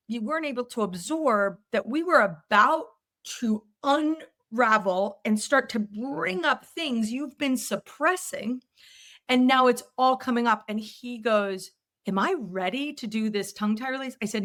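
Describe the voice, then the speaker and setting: A woman podcast host and myofunctional therapist telling a story in conversation, acting out the quoted dialogue with energy. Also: fairly high pitch. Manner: animated, acts out quoted dialogue in her stories.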